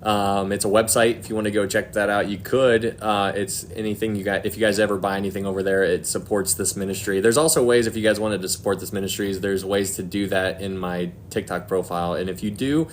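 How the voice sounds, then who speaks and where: Male host with a lowish voice for a casual faith live stream. He chats, laughs a lot, reads out comments, and turns earnest. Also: flat delivery, fairly quick, hardly any pauses, a little hiss or hum. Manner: chatty, laughs often, reads viewer comments aloud; earnest, heartfelt about faith. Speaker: Christian livestream host. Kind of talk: casual livestream chat.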